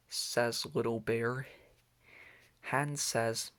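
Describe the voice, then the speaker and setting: A man reads a children's picture book aloud at a slow, careful pace. His voice has a gravelly texture at a medium pitch. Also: fairly even intonation, fairly bright tone. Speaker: reader.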